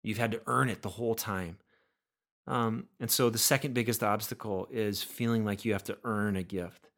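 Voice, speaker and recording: A man preaching a sermon in a somewhat low voice. He talks earnestly, often repeating words as he builds toward a point. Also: steady tone, moderate pace, a bit bright. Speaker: pastor.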